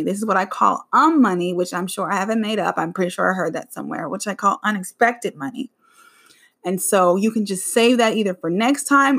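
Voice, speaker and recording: A woman's voice: medium pitch, creaky, a bit bright. A woman hosting her own podcast, talking casually and rambling with frequent self-corrections. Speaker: podcast host. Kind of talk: casual solo podcast chat.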